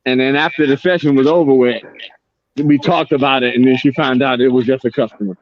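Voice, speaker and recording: A man's voice: medium pitch, steady tone, brisk, lo-fi sound. A man, telling a wild personal story in a casual group chat, often laughing and quoting others.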